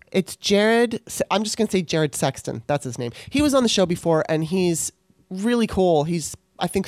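A woman's voice: on the low side, darkish tone, no echo, clean studio sound. A woman hosting a podcast, talking on her own in a casual way, passionate and worked up, with swearing. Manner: impassioned, worked up, swears freely. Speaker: podcast host. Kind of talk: casual solo talk.

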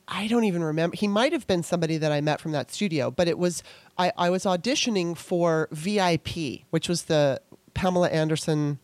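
A woman hosting an interview, a former actor telling a lively story in casual chat with many restarts. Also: fairly low pitch, brisk, dry recording. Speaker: podcast host and former actor.

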